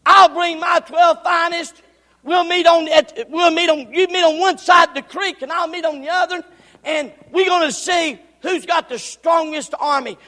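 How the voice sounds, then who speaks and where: A man preaching who voices a proud, combative army commander, shouting his challenges in an echoey hall. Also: very high voice, steady tone, moderate pace. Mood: challenging.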